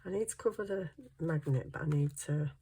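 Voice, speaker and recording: This middle-aged craft vlogger talks casually as she works, thinking out loud, chatty and quick to poke fun at herself. Her mellow voice sits low, runs fairly quick, and has a breathy edge.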